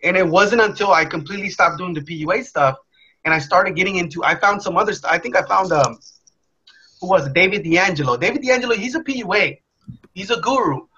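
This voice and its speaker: A young man telling a candid personal story in a blunt, profane, animated way. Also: high voice, brisk, husky. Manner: profane, blunt, animated, acts out his past self. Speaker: motivational speaker. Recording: dull lo-fi sound.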